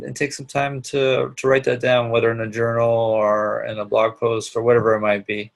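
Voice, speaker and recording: A middle-aged man teaching a live online class, speaking earnestly with many pauses and restarts. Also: medium pitch. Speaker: instructor.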